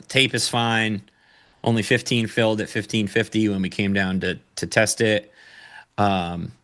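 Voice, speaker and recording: A man's voice: fairly low pitch, fairly bright tone, smooth. A man on a live trading stream, chatting casually about his positions and greeting viewers with playful asides. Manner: playful, greets chat viewers, sings and does silly voices. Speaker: trader on a live stream panel.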